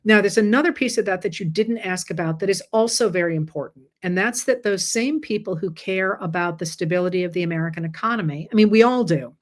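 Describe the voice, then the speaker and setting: A woman's voice: medium pitch, fast talker, hardly any pauses. A tired woman hosting a casual chat and explaining things step by step in a conversational way. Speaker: host.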